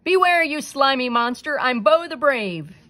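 A woman voicing a small, bold girl adventurer who shouts brave challenges. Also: high voice, lively intonation, measured pace, pitched above the performer's own voice, exaggerated voice.

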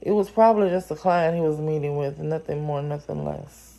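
A woman reading a novel aloud who breaks off now and then to react in animated, exclaiming asides. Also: low-pitched, brisk, vocal fry. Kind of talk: story reading with chatty reactions.

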